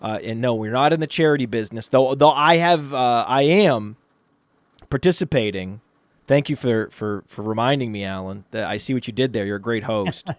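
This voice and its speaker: A man co-hosting a podcast, telling stories in an animated, ranting way. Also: medium pitch, moderate pace, dry recording. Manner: animated storyteller, rants excitedly. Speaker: podcast co-host. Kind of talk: casual podcast chat.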